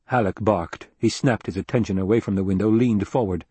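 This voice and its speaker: A man narrating an audiobook in a steady, even-toned way. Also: lowish voice, fairly quick, slightly rough, dry recording. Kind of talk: scripted narration.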